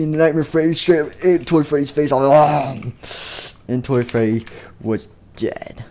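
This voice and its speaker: Rambling man with a mellow voice. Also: mid-range voice, steady tone, normal speed. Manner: rambling, fillers like "and stuff". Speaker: video creator. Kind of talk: casual game machinima narration.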